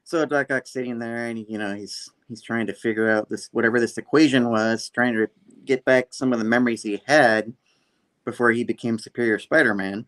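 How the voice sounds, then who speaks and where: A man's voice: mid-range voice, a little fast. A man in casual chat, retelling a comic story and hamming up the characters' lines. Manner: animated, hammy quoting of villains. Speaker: comic book reviewer.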